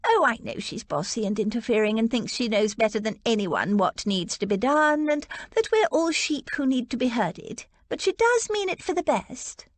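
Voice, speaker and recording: A woman voicing a placid, cheerful elderly spinster aunt in an audiobook, gentle and chatty. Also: on the high side, animated, moderate pace, hardly any pauses, no echo, voice pushed up, lightly acted.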